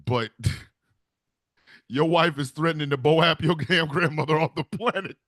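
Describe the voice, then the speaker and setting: A man hosting with an animated comedic monologue, laughing as he riffs. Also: on the high side, a little slow, no echo, studio quality. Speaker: comedic host.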